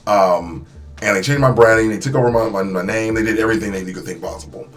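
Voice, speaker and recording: A young man telling his story in a casual vlog, animated and emphatic, with many restarts and repeated phrases. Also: fairly low pitch, fast, soft background music. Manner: animated, acts out quotes with voice shifts. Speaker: YouTuber.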